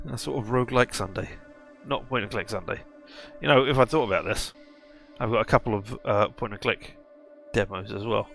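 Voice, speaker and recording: A man's voice: medium pitch, vocal fry, a bit bright. A man hosting a casual let's play video, commenting on a game in a rambling, self-mocking way.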